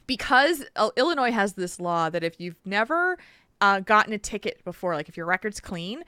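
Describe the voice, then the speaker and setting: A woman's voice: on the low side, clean tone, dry recording. A young adult woman from the United States, co-hosting a casual podcast and telling stories animatedly with frequent laughter. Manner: animated storyteller, laughs often. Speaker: podcast co-host.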